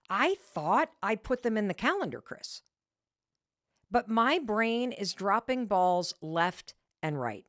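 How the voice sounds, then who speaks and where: Lively, animated woman podcast host. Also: mid-range voice, no room sound, studio quality. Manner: animated and emphatic, with frequent restarts. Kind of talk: motivational storytelling to listeners.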